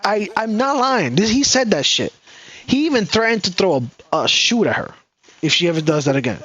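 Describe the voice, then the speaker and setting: Animated, swearing man telling a story. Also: high-pitched, brisk, no room sound, muffled recording. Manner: animated, profane, acts out quoted people. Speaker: podcast co-host. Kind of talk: casual storytelling chat.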